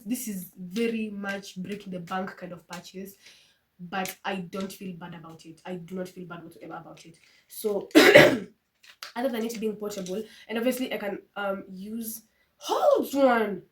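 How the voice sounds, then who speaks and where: A young Kenyan woman chats through a vlog from her room, slipping between English and Swahili and breaking into high shrieks of excitement. Her voice is a little stuffy from a flu. She is picked up from a few steps away on a phone, with a clear hiss of background noise underneath. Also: unhurried, distant mic. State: congested with a flu, coughing. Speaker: vlogger. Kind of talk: casual vlog chat.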